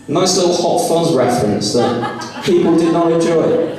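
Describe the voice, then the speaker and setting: A man's voice: a little high, measured pace. A young man from Somerset doing self-deprecating stand-up and chatting with the crowd in a small comedy club. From Somerset, England. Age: young adult. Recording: echoey venue, mic heard from a distance.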